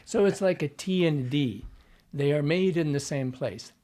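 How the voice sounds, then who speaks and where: A man's voice: fairly high pitch, moderate pace, mellow. A man, a dialect coach, patiently explaining how accents work in an interview and sounding out examples.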